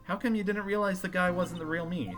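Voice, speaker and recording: A man's voice: high voice, steady tone, a little fast, a bit bright, voice pushed up. A man voicing an exasperated young male defense lawyer in an amateur game voice-over, with game music behind.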